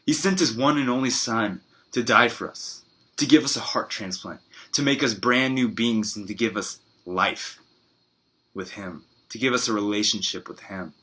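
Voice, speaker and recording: Earnest man preaching a bright sermon. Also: fairly low pitch, husky. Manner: earnest storytelling with halting pauses and fillers. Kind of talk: sermon with a told story.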